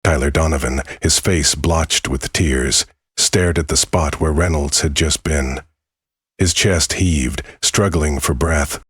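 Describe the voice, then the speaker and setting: Deep, husky male storyteller. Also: slow pace, a bit bright, dry recording, clean studio sound. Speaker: narrator. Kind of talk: scripted dramatic narration.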